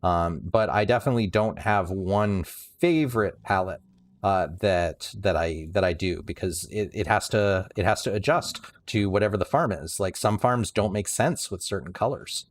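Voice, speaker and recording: Low-voiced guy rambling thru his game build on stream, restarts a lot, dry sarcastic bits. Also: moderate pace. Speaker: livestreamer. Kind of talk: casual game commentary.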